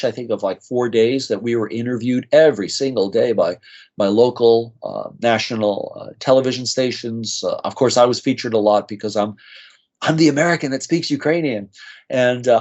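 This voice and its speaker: Male guest, earnest and moved, slightly dull lo-fi sound; mid pitch, recounts stories with many restarts. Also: darkish tone. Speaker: nurse practitioner guest. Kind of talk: storytelling in a podcast interview.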